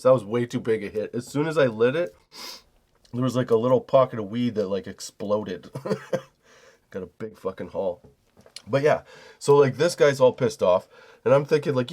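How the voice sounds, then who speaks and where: A man's voice: mid-range voice, darkish tone. A young man hosting a comedy podcast, telling a story in a profane, casual way and laughing often. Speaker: podcast host.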